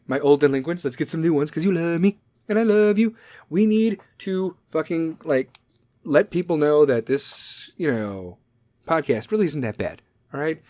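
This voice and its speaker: A man's voice: a little high, a little mellow, no room sound. Profane, rambling man hosting a podcast. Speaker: podcast host. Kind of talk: solo comedic podcast rant.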